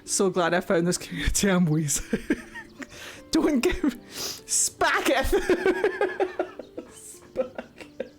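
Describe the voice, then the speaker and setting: A woman's voice: mid-range voice, sing-song, slow. A woman live-streaming a game, chatting with viewers in a crude, giggly way and laughing often. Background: game music.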